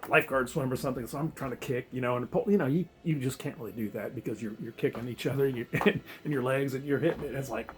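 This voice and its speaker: A man's voice: medium pitch, fast, hardly any pauses, a little hiss or hum. A man casually telling a story to camera, rambling and restarting, swearing and chuckling often. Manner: rambling, self-interrupting, swears and laughs often. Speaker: vlogger telling a diving story.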